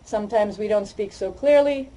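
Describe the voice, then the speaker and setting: Fast-talking woman with a Boston accent. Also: mid-range voice, dark tone, recorded from a distance, slight background noise, rough recording. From Boston, United States. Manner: fast-talking, chatty, self-deprecating. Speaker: astronaut guest speaker. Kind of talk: public talk to an audience.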